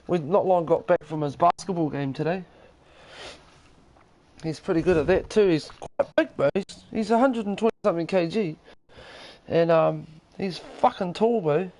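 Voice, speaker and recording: A man's voice: fairly high pitch, moderate pace, a little mellow, rough recording. A man with a New Zealand accent chatting casually as a game streamer from his lounge, rambling and profane. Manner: rambling, profane and laid-back. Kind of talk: casual chat. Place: lounge at home.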